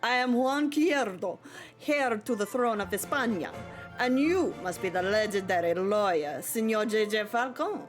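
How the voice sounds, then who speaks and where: A woman's voice: mid-range voice, normal speed, faint music behind, natural voice. A woman doing a flamboyant fox prince with a Spanish accent. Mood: courtly. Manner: put-on Spanish accent, grand and courtly. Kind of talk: reading a visual novel aloud.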